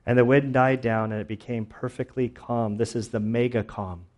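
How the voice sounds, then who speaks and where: Man, young adult, sermon, casual conversational preaching, fillers, acted-out asides, mid-pitched voice. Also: fairly even intonation, moderate pace, a little mellow. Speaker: pastor.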